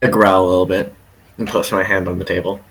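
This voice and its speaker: A man taking part as a player in a tabletop game, gruff and playful. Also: sits low, flat delivery, fast talker. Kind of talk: casual tabletop play.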